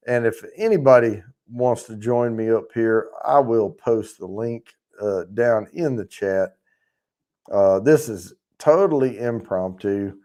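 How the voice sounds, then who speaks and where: A man's voice: fairly low pitch, mellow. Rambling, profane male livestream host. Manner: chatty with viewers in the chat. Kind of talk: casual chat.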